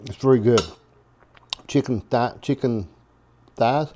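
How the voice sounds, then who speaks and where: A man's voice: medium pitch, slow, warm tone. A man hosting his own home cooking vlog, talking in a folksy, rambling way with chuckling asides. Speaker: home cooking show host.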